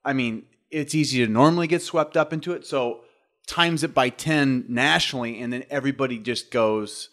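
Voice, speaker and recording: A man's voice: mid-range voice, moderate pace, fairly bright tone. A man co-hosting a podcast, chatting casually about sports and explaining his points. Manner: conversational, explains points, laughs along. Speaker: podcast co-host.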